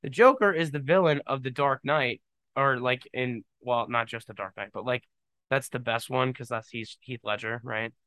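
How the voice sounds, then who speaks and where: A man's voice: medium pitch, moderate pace, bright, forceful tone, smooth, no echo. A young man hosting his own podcast, rambling casually with jokes and lots of fillers. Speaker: podcast host. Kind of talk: casual solo podcast monologue.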